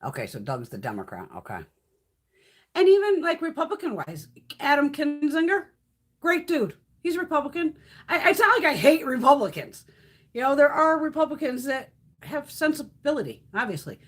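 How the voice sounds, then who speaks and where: A woman's voice: sits high, very animated, moderate pace. A woman hosting a casual live stream, ranting bluntly and profanely, reacting to chat comments as she goes. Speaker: beauty livestream host.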